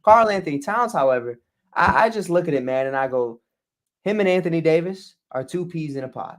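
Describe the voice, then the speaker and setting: Chicago-area guy cohosting a hoops podcast, lively, a bit high voice, cracks jokes. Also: brisk. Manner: animated, laughing, mocking impressions. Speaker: podcast co-host. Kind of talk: casual sports chat.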